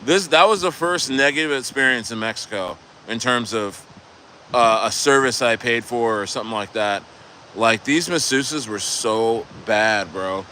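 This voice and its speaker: Rambling, bright-voiced male vlogger. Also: medium pitch, a little slow, a little hiss or hum. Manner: rambling, profane, many restarts and "bro". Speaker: crypto vlogger. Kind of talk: casual rambling storytelling. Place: vacation condo.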